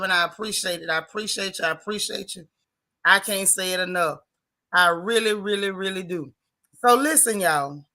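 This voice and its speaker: Bright-voiced woman hosting a livestream. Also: mid-range voice. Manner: lively, Southern-tinged casual talk with chat shout-outs. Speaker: livestream host. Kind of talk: casual livestream chat greeting viewers.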